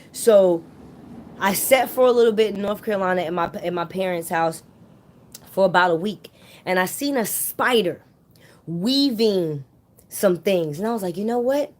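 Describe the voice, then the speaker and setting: A woman's voice: fairly low pitch, moderate pace. A woman vlogger casually telling a personal story straight to her viewers, chatty and often calling them "you guys".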